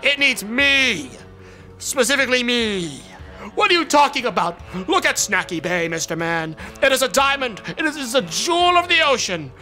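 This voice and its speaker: A man's voice: extremely high pitch, very animated, moderate pace, bright, forceful tone, soft background music, exaggerated voice. A man doing a pompous villain mayor. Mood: grandiose. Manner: grandiose, speechifying. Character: pompous scheming male city mayor, villain. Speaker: streamer voicing a game's dialogue.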